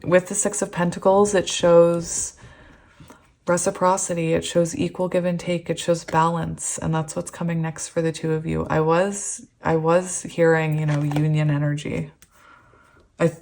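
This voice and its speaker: A young woman doing a tarot reading, giddy and giggly, breaking into excited squeals of laughter. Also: fairly low pitch, creaky. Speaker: tarot reader. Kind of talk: pick-a-card tarot reading.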